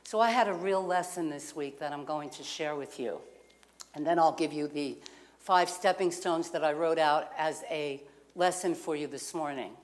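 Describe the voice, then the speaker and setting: A woman minister gives a sermon, telling a personal story in a conversational way and asking the congregation questions. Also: deep voice. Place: community center lounge.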